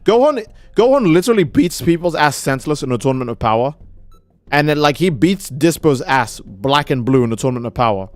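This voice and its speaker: A man's voice: on the high side, big pitch swings, a little fast, no room sound. A young man streaming a game, rambling and joking with profanity in casual commentary. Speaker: gaming streamer.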